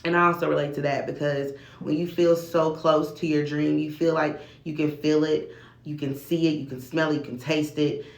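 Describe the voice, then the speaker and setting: Chatty woman vlogger in an echoey room. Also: low-pitched. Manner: chatty and relaxed, with casual slang. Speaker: video blogger. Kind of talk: casual chat to camera.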